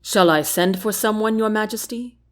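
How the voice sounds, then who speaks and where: A woman reading a gruff loyal guard. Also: medium pitch, moderate pace, close to an everyday voice. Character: gruff loyal male bodyguard, quiet and menacing.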